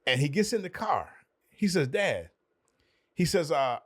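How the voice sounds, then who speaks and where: A man's voice: on the high side, very animated, unhurried. A man, a podcast guest, telling an earnest personal story with emphatic repetition.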